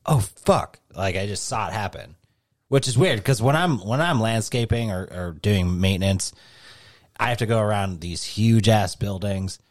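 A man's voice: fairly low pitch, moderate pace, dry recording, clean studio sound. A man co-hosting a podcast, telling a rambling, swear-heavy story in casual chat. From New England. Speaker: podcast co-host.

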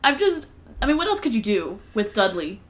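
Young woman, podcast co-host, playful giggly chat, very lively intonation. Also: fairly high pitch, brisk. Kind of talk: casual book-discussion chat.

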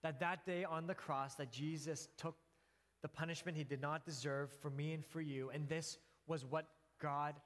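An earnest male pastor preaching in a slightly high voice. He tells his story with restarts and the odd soft laugh, and his words ring out with the long reverb of a church hall. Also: fairly even intonation, moderate pace. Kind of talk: sermon.

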